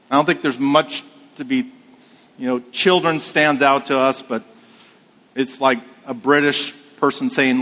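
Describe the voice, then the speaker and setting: A man preaching a sermon as a pastor, slow and conversational, mixing anecdotes with scripture. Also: medium pitch, fairly bright tone, in a large hall.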